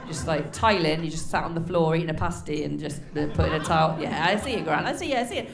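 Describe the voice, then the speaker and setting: Woman MC in her forties, brash and profane crowd work, loud high yelps, mic echoing round the club. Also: fast, creaky. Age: 40s. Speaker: MC of a stand-up comedy night. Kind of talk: live stand-up crowd work. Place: comedy club stage.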